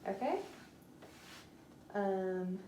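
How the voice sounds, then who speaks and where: A woman's voice: mid-range voice, lively intonation, very slow, dark tone. A woman talking through a clinical nerve exam in a hesitant way, with many fillers, in an echoey room. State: slightly out of breath. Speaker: student doing a clinical neuro exam. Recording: echoey room, faint noise.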